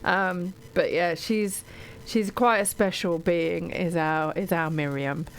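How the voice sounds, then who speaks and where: Chatty, gushing woman with a lowish voice. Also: fairly even intonation, slow pace, slight background noise, poor audio. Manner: gushing, digressive, many ums and restarts. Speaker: radio show guest or presenter talking books. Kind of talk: casual chat about books on radio.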